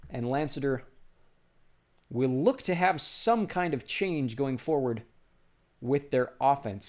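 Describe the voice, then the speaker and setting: A man doing basketball play-by-play commentary, briskly calling each pass and lifting his voice on big shots. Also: fairly high pitch.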